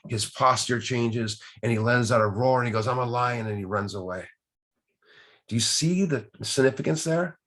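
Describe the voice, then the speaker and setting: A man leading a recovery group study, teaching earnestly from the text with rhetorical questions and repeated key words. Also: mid-range voice.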